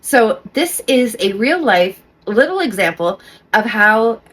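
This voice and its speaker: A woman's voice: fairly high pitch, big pitch swings, takes it slowly, fairly bright tone. A middle-aged woman talking casually to camera as a vlogger, rambling with restarts and often checking in with "okay?".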